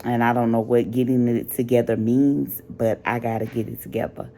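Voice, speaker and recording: Very deep-voiced tired woman vlogger. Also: level tone, mellow, slight background noise. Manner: frank, venting, drawn-out trailing phrases. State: tired and sleepless. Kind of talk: casual late-night vlog talk.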